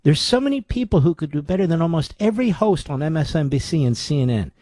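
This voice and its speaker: A man's voice: fairly high pitch, big pitch swings, quick pace, hardly any pauses, dark tone, dry recording, clean studio sound. Sarcastic ranting talk radio man. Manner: asks rhetorical questions. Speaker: radio talk show host.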